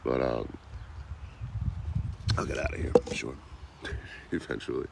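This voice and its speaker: A man's voice: a bass voice, fairly even intonation, measured pace, vocal fry, heavy background noise. A man chatting loosely with viewers on a livestream, rambling and swearing freely. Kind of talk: casual live chat.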